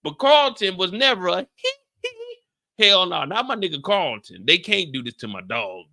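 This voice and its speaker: A young man from the Bay Area talking through a TV episode with big swings in his pitch and a bright, forceful edge. He's loose and profane, slipping into bits where he acts scenes out. His voice sits high for a man and never stays flat for long. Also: measured pace, creaky. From San Francisco Bay Area. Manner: animated, swearing, acting out scenes. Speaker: show host. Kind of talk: casual TV recap talk.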